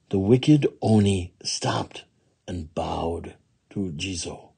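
A man reading a children's picture book aloud in a slow, expressive way. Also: deep voice, gravelly, breathy edge. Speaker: storybook reader.

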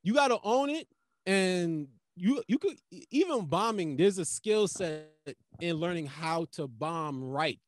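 Animated, profane male comedian guest. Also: sits high, measured pace. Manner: loose, profane, animated storytelling. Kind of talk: casual podcast chat.

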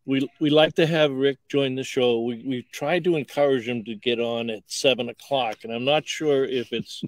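A man's voice: mid-range voice, fairly even intonation, moderate pace, no room sound, low-quality recording. A man hosting a casual show over a video call, chatty and teasing his guests. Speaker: host. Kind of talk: casual chat.

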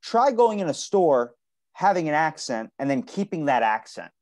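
A man's voice: a little high, sing-song, moderate pace, a little mellow. A man hosting a podcast in casual conversation, blunt and emphatic, swearing freely. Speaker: podcast host.

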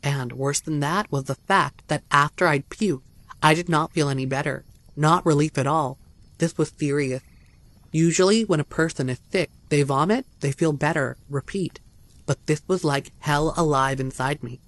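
A man's voice: a little high, moderate pace, a bit bright, no room sound. A man reading a first-person horror story aloud as a narrator, tense and dramatic.

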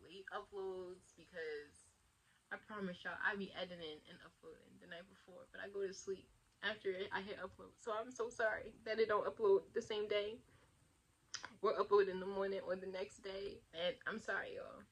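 A woman's voice: mid-range voice, steady tone, normal speed, husky. A young woman vlogging to camera in casual, rambling chat, laughing often and talking with lots of fillers.

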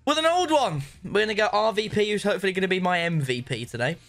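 A man's voice: high-pitched, expressive, fast, gravelly, a bit bright. A man hosting a casual football video game chat, jokey and calling his guest "mate". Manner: chatty, jokey, says "mate" a lot. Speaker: gaming channel host.

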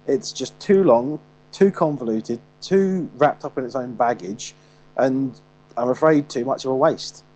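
A man's voice: mid-range voice, a little slow, darkish tone, low-quality recording. A man co-hosting a film review show, talking casually with frequent restarts and fillers. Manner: rambling, many restarts and fillers.

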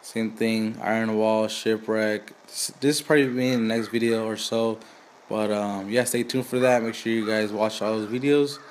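A man's voice: on the low side, steady tone, normal speed, a little hiss or hum. A man casually commenting on a mobile game, reading its dialogue aloud with fillers and asides. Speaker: gaming channel host.

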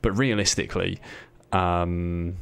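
A man talking low and gravelly while he streams a role-play game. He rambles and jokes, swearing freely and breaking off to thank his viewers. His talk is loose and offhand. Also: steady tone, slow, a bit bright. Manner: joking, sweary, rambling asides to chat. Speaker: streamer playing a police recruit. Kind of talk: casual streaming commentary.

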